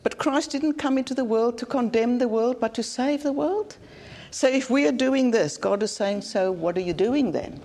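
A woman's voice: high voice, moderate pace, few pauses, darkish tone. A South African woman preaching a conference sermon in an earnest, plain-spoken way, often repeating phrases for emphasis. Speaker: conference speaker.

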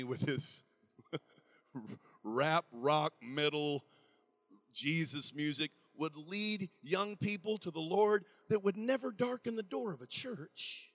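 A man, a pastor, preaching a sermon, telling a story quietly and then building to shouted exhortation. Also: medium pitch, unhurried, long pauses, lo-fi sound.

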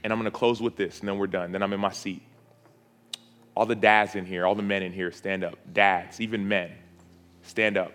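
A man's voice: deep voice, fairly even intonation, normal speed, fairly bright tone. A man preaching an altar call in a church auditorium, with a repetitive, pleading cadence.

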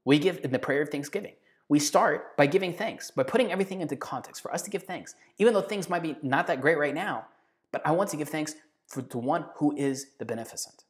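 Male preacher, sermon, earnest, emphatic, drawn-out hushed phrases. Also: fairly high pitch. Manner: earnest, emphatic, slows down and drops to a hush on key phrases.

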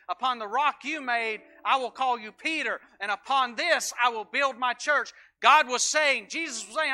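A man with a Southern American accent preaching a sermon, moving from hushed storytelling to shouted preaching and calling on people in the congregation by name. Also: very high voice. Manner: calls on congregation members by name. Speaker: pastor. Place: church sanctuary.

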